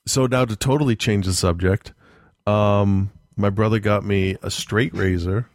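Gravelly low-voiced man, casual chat. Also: fairly even intonation, measured pace, no echo, studio quality. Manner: profane, darkly joking, laughs often.

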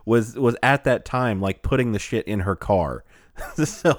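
A man co-hosting a casual chat show, animated and laughing often, often trailing off as he searches for words. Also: on the low side, measured pace, dry recording, clean studio sound. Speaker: podcast co-host.

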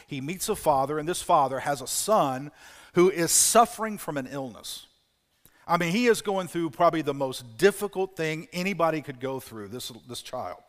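Preacher in a reverberant hall. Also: male voice, fairly high pitch, animated, normal speed. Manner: storytelling, dropping to hushed tones for quoted pleas. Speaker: pastor. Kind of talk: sermon.

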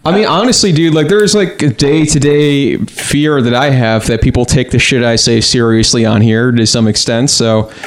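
A man's voice: mid-range voice, normal speed, few pauses. A man from Chicago co-hosting a podcast, joking and rambling in crude casual banter. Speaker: podcast co-host.

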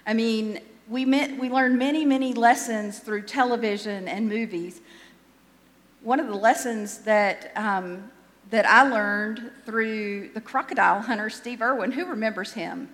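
A woman's voice: a little high, measured pace, fairly bright tone, big-room sound. A woman pastor giving a sermon in a conversational, self-deprecating way, often restarting her sentences.

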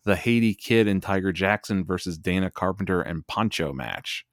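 Low-voiced man in casual podcast chat. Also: animated, moderate pace, dry recording, clean studio sound. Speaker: podcast co-host.

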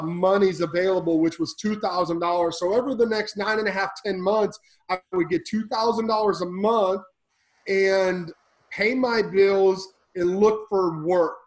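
A man on a podcast telling his life story intensely, swinging between loud and hushed, like a preacher. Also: high voice, steady tone, moderate pace, poor audio. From Illinois. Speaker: podcast guest. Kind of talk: emotional personal storytelling.

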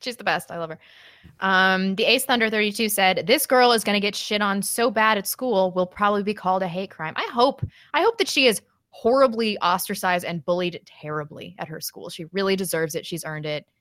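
A woman co-hosts a podcast in loose, casual chat, reading viewer messages aloud. Her voice sits at a middle pitch and comes through close and dry, with no room sound. She is sarcastic and laughs often. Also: brisk, fairly bright tone, dry recording. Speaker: podcast co-host.

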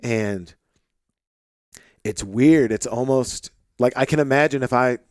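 A man hosting a podcast with an Arkansas-tinged Midwestern accent, chatting in a relaxed, rambling way full of fillers, recorded in a home office. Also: mid-range voice, slow, no echo, studio quality. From St. Louis, Missouri. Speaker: podcast host. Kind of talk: casual conversation.

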